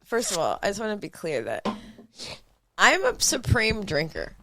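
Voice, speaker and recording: A woman in her thirties co-hosting a casual podcast, explaining herself quickly and emphatically. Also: mid-range voice, wildly swooping pitch, background noise. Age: 30s. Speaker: podcast co-host. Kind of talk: casual chat.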